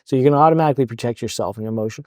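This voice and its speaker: A man who counsels police officers, talking casually in a podcast interview, halting, with many fillers and restarts. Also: medium pitch, warm tone, no echo, clean studio sound.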